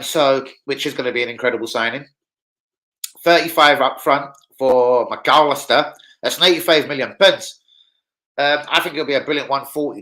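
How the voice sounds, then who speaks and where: A young man chats on a football livestream. His voice is bright and forceful. He rambles in street slang and swears freely. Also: medium pitch, low-quality recording. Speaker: football channel host. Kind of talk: casual livestream chat.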